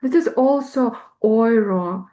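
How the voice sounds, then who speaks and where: A woman's voice: a little high, slow, warm tone. A woman student reading words aloud in a lesson, hesitant and sounding them out.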